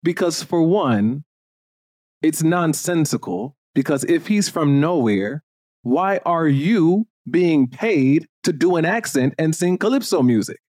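A man's voice: a little high, takes it slowly, no echo. Man from Jamaica, dry close sound. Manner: animated and opinionated, with frequent fillers. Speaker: podcast host. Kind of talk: casual chat.

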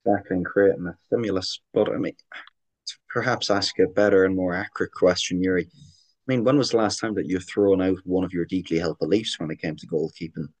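A man's voice: low-pitched, brisk, a little mellow. A man with an Irish accent hosting a podcast interview, patiently rephrasing his questions. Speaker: podcast host.

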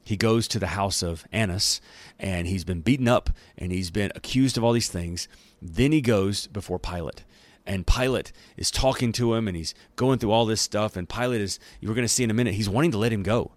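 Low-voiced folksy Bible teacher, a man. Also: brisk, no room sound. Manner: folksy and slangy, conversational. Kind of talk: casual Bible teaching and reading.

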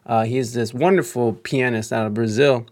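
An American man hosting a podcast, talking fast and loose with plenty of fillers and restarts. His voice sits in an ordinary middle pitch, and his tone stays friendly and chatty. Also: fairly even intonation, darkish tone. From Ohio, United States. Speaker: podcast host. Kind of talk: casual interview chat.

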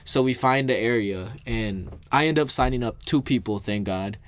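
With plenty of fillers and liberal cursing, a young Minnesota man animatedly and casually recounts a story for the camera. He speaks at a moderate pace with a medium pitch.

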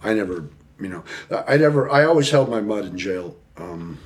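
A middle-aged man from the United States telling prison stories in an interview, swearing freely and acting out the voices in his quotes. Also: low-pitched. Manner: profane animated storyteller, acts out quotes, laughs often. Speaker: podcast guest. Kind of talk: storytelling interview.

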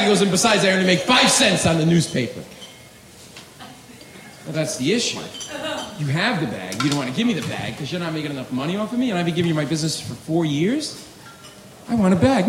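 A man performing a stand-up set on a club stage, loud and animated, yelling his punchlines. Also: sits high, fairly quick. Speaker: stand-up comedian. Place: comedy club stage with a live audience. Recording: echoey club, loud crowd noise.

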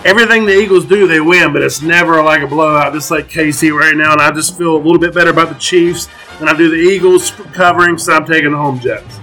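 Bright emphatic man making betting picks. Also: fairly high pitch, fast talker, hardly any pauses, faint music behind, rough recording. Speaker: podcast co-host. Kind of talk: casual sports betting chat.

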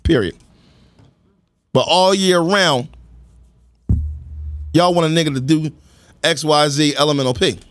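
A man's voice: on the high side, unhurried, pauses often, no room sound. A man co-hosting a podcast in casual, argumentative chat, talking dramatically and with lots of swearing while he keeps getting cut off. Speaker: podcast co-host.

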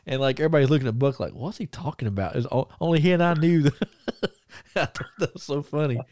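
A man's voice: a little high, fast, darkish tone, dry recording, clean studio sound. A man with a Southern country accent, co-hosting a podcast and telling rambling stories with frequent laughs. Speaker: podcast co-host. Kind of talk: casual chat, storytelling.

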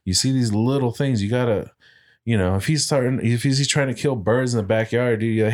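A man's voice: mid-range voice, brisk, a little mellow. An American man co-hosting a podcast, chatting casually in a rambling way, with lots of fillers and swearing. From United States. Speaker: podcast co-host. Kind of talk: casual chat.

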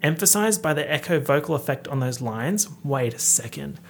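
A man in his late twenties hosting a casual lyric breakdown, excitable, breaking into sudden outbursts and whispered asides. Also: on the high side, moderate pace, slight background noise. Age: late 20s. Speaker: host.

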